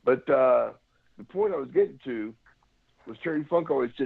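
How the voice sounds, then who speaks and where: A man's voice: medium pitch, normal speed, gravelly, husky, dry recording. A man, a former pro wrestler, telling rambling stories in a casual interview and imitating the people in them, heard over a phone line. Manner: rambling anecdotes, imitates others.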